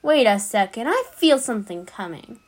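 A show-off stage magician with a squeaky, high voice , as a woman puts him on. He announces everything grandly, swooping up and down like a ringmaster. He is a game character brought to life. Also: very animated, moderate pace. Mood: showy. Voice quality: high-pitched put-on voice.

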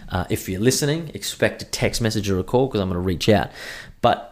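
A man's voice: on the low side, animated, a little fast, darkish tone. A young man hosting a podcast, congested from a cold, rambling casually and swearing a lot. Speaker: podcast host. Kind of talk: casual solo podcast chat.

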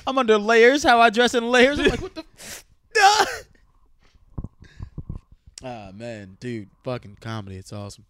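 Animated young man, loud and swearing. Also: very high voice, a little slow, pauses often, a little hiss or hum. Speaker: podcast co-host. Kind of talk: casual chat.

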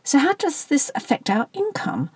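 A woman reading the part of a practical, sharp-tongued middle-aged wife with a brisk manner. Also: high-pitched, wildly swooping pitch, no echo, pitched above the performer's own voice.

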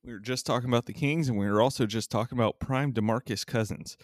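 A man's voice: medium pitch, quick pace, no echo, studio quality. A man co-hosting a casual sports podcast, teasing and laughing often as he talks. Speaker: podcast co-host.

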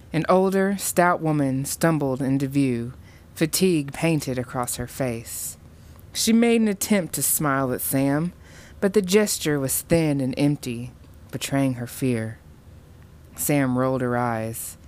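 Woman narrator, deep voice, unhurried, scripted storytelling, measured reading. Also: darkish tone.

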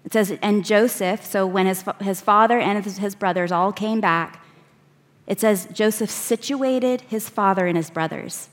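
A woman preaching, reading scripture verses aloud and slowing down to stress key words. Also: medium pitch. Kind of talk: sermon.

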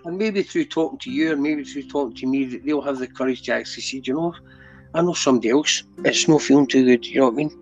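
A man's voice: medium pitch, fast. A middle-aged Scottish man, a podcast guest telling his story in earnest, casual talk, always asking if you know what he means. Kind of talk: candid conversational storytelling. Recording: dull lo-fi audio with faint music.

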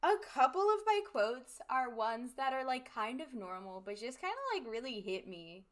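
A woman's voice: fairly high pitch, animated, fairly bright tone. A woman co-hosting a podcast, chatting casually, laughing a lot and swearing freely. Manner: giggly, drawn-out, swears casually. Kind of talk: casual chat.

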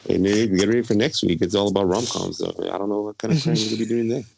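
A man chatting on a casual podcast, throwing in quick joking remarks. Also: fairly low pitch, fairly even intonation, creaky, darkish tone, slight background noise.

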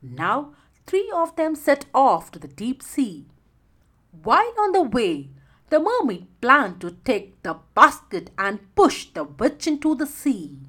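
A woman narrating a children's story slowly and expressively. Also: high-pitched, sing-song, fairly bright tone.

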